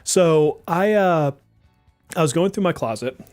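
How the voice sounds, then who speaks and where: A man with a faint Boston accent, co-hosting a casual podcast, relaxed and chatty with lots of fillers. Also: fairly high pitch, measured pace, soft background music. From New Jersey and Massachusetts, US. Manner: relaxed, chatty, laughs often, many likes. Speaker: podcast co-host.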